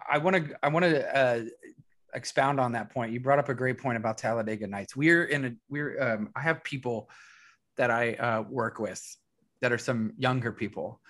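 A man's voice: mid-range voice, normal speed, fairly bright tone. A man in his thirties co-hosting a casual podcast, easygoing and trailing off mid-sentence. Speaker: podcast co-host. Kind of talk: casual chat.

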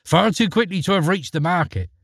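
A man voicing a shrill, fierce-tempered peasant mother who scolds in rapid outbursts in a storybook reading. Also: gravelly, a bit bright, husky, no room sound, studio quality, exaggerated voice. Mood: eager.

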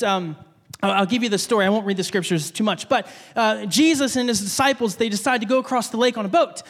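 A man preaching a sermon as a pastor, telling a story with animated delivery and acting out voices, in a church. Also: high voice. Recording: long reverb of a large hall.

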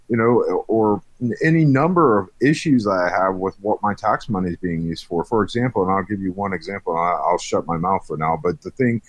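Frustrated man, profane rant, low voice, dead-dry mic. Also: no room sound. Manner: heated, profane, frequent restarts. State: frustrated, on edge. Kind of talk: angry political rant.

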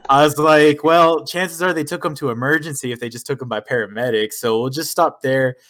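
A man's voice: a little high, brisk. A man co-hosting a podcast, telling a story in casual, swearing chat and acting out quoted lines. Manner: swearing, animated retelling with quoted dialogue. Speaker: podcast co-host.

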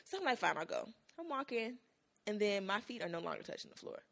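Speaking fast in a slightly high voice, a young woman from South Miami, Florida, animatedly tells stories in casual conversation, performing the voices of those she quotes.

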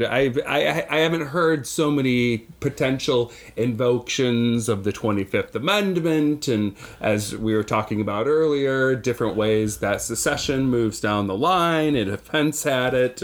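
A man chatting casually on a podcast, often halting and restarting his sentences. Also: medium pitch. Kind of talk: casual political chat.

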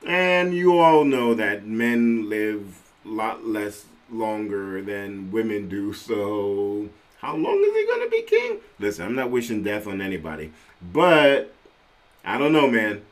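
A man from Trinidad hosting a podcast, talking in an animated, conversational way and often laughing. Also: on the low side, unhurried. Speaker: podcast host. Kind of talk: casual solo commentary. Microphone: podcast microphone.

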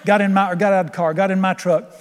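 Racing through his sermon in a steady tone, an older male pastor uses a high, bright voice, folksy and emphatic, chuckling along with his stories. The church sanctuary lends a long reverb.

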